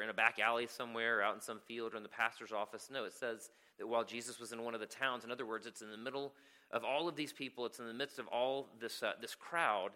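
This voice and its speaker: A man's voice: fairly low pitch, bright, forceful tone. A man preaching a sermon as a pastor, telling a story and often checking in with "right?". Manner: storytelling, keeps asking "right?".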